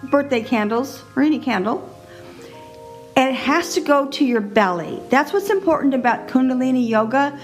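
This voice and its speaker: Chatty laughing woman podcaster. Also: a little high. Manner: chatty, animated, laughs often. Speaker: podcast host. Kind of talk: casual solo podcast monologue.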